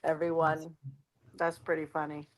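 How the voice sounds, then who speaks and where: A woman's voice: sits low, completely flat delivery, normal speed. A woman hosting a casual livestream, easygoing and laughing along with her guests. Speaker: livestream host.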